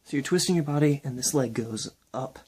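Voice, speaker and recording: A young man explaining and demonstrating ab exercises in a casual, relaxed way while counting reps aloud. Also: mid-range voice, brisk, a little hiss or hum. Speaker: fitness instructor.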